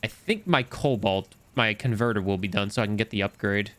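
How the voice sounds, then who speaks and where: A young man chatting casually while streaming a game, telling stories with big rises in his voice when excited. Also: brisk. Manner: animated storytelling, swings high when excited. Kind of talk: casual gameplay commentary.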